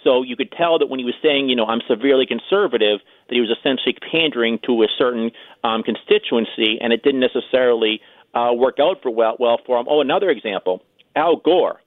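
A man appears as a guest political commentator in a radio call-in interview, speaking over a tinny, dry phone line. His medium-pitched voice is quick and chatty, with many fillers and no room sound.

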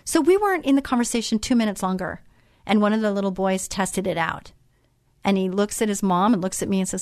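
A woman's voice: mid-range voice, quick pace, dry recording, clean studio sound. A middle-aged woman hosting a radio show, chatting in a motherly way with many fillers and restarts. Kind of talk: casual chat.

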